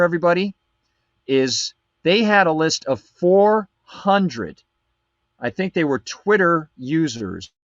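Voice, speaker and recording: A man's voice: a little high, fairly bright tone, no room sound, muffled recording. A man hosting a live political commentary show, reading documents aloud and breaking off with sarcastic asides. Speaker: show host.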